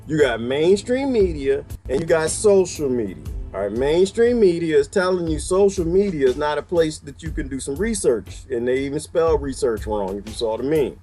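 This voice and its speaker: A man delivering an exasperated comedic rant to camera, laughing often as he goes. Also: a little high. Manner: animated, exasperated ranting with frequent laughter. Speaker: vlogger.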